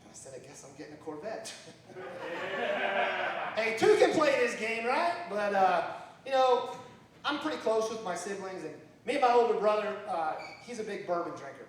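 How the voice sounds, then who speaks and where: A man in his fifties with a Southern American accent, telling wry stand-up stories with a high, lively voice that swings up and down. He is heard from a distance in a very echoey bar, with faint noise behind him. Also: moderate pace. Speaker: stand-up comic. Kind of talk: open mic stand-up. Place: bar at open mic night. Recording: echoey bar recorded from far off.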